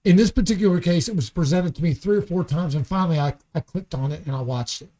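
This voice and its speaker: Talking fast in a slightly high, mellow voice, a man appearing as a podcast guest in a studio goes on an angry, profane rant. The conversation is casual, and he keeps repeating words and starting sentences over.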